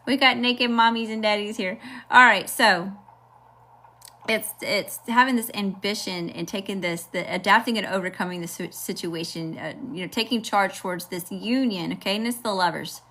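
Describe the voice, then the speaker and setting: A woman's voice: medium pitch, normal speed, sharp tone. Chatty Southern woman reading tarot. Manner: chatty, constantly checking in with "okay" and "y'all". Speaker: tarot reader. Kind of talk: live tarot reading to viewers. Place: at home at a table.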